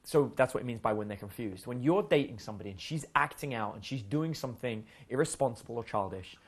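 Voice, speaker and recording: A man speaks as a dating coach in a medium-pitched, expressive voice at a quick pace. He tells casual stories bluntly and profanely, playing out the lines of each person in them.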